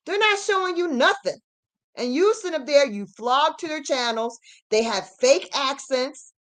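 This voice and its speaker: A woman giving an emphatic, repetitive ranting commentary as host of her channel, at times rising to shouts. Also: a little high.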